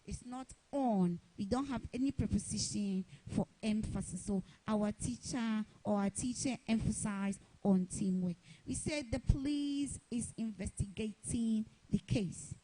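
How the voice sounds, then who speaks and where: A woman giving a televised grammar lesson as a teacher, deliberately repeating each example sentence. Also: medium pitch, dark tone, slight background noise, poor audio.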